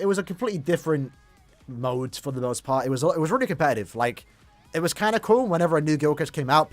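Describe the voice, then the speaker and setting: A young man chatting casually on a live game stream, talking in quick bursts and laughing easily. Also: fairly high pitch, dry recording.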